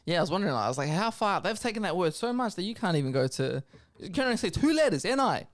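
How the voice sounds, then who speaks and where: A man's voice: high voice, sing-song, fast. Rambling, jokey young man. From Australia. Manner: rambling, jokey, laughs often, swings from mumbling to loud bursts. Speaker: podcast co-host. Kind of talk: casual chat.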